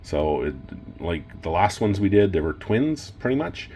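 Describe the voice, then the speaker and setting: Canadian man, very deep voice, rambling enthusiast vlogger, faint background noise. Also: big pitch swings, a little slow, mellow. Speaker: cigar reviewer. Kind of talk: casual unboxing vlog.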